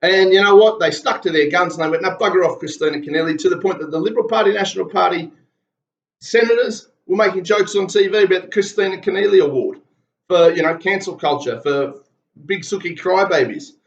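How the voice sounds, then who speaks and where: A man's voice: high voice, brisk. Blunt ranting Australian man, roomy lo-fi sound. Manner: blunt, heated and profane. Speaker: political commentator. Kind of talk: ranting political commentary.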